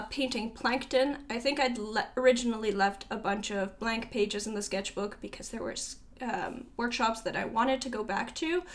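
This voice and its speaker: A young woman with a fairly high voice gives a relaxed, chatty tour of her art sketchbooks. She rambles, trails off and corrects herself as she goes, keeping it informal and friendly. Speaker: artist showing her sketchbook.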